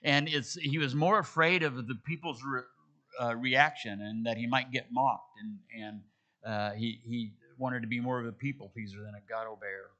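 A man's voice: medium pitch, fairly even intonation, moderate pace, sharp tone, lo-fi sound. A man preaching a sermon, reading scripture and retelling it in casual everyday dialogue, with frequent restarts. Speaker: pastor. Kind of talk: sermon, expository Bible teaching.

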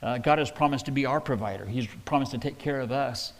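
A man's voice: medium pitch, fast talker. Man preaching in a reverberant hall. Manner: conversational, folksy, with restarts and paraphrased quotes. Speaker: pastor. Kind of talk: verse-by-verse sermon.

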